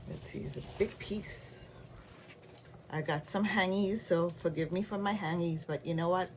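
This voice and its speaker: A woman's voice: fairly low pitch, moderate pace, noisy background. A woman with a Caribbean accent chatting casually as she shows her stitching projects, rambling and trailing into asides. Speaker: stitching vlogger. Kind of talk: casual show-and-tell chat.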